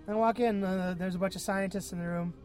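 A man's voice: sits high, fairly even intonation, quick pace, a little mellow. Casual male vlog host in a car, loose and rambling, faint music behind. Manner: laid-back, full of fillers and laughs. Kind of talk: rambling comedic monologue.

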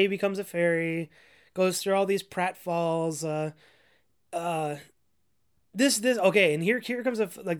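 A woman ranting casually about a movie, rambling with constant "like" fillers, profanity and frequent laughs. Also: on the low side.

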